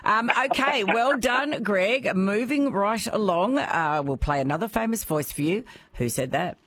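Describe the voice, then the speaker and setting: An Australian woman hosting a radio quiz, bubbly and quick to laugh. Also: mid-range voice, expressive, a bit bright, a little hiss or hum. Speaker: radio host. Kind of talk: radio quiz show chat.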